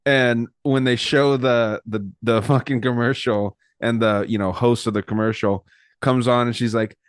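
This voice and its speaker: A man's voice: mid-range voice, fairly even intonation, moderate pace, clean tone, no echo, clean studio sound. A man co-hosting a podcast, rambling through a story with lots of fillers and swearing. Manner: rambling, profane, filler-heavy retelling. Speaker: podcast co-host. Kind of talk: casual chat.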